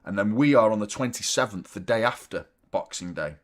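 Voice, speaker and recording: A man's voice: lowish voice, lively intonation, fairly quick. A man, chatting casually and self-mockingly as host of a football watchalong stream, swearing freely. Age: 30s. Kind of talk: casual live-stream chat.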